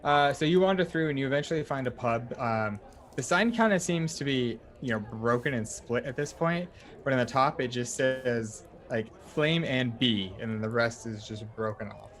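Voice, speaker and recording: A man as dungeon master, narrating a tabletop game in a relaxed, rambling way full of fillers. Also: mid-range voice, normal speed. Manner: relaxed, filler-heavy storytelling.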